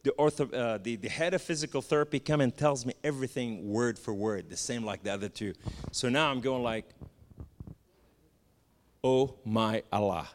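A man from the Middle East giving a spoken testimony, telling his story with animated, emphatic lists. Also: mid-range voice, fairly quick, a little hiss or hum. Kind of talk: testimony sermon. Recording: long hall reverb.

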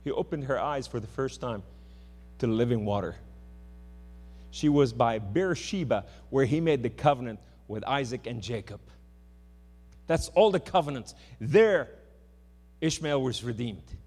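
A man's voice: mid-range voice, animated, unhurried, pauses often. Man preaching in a reverberant hall. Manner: impassioned, swings between loud and hushed. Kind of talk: sermon. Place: church.

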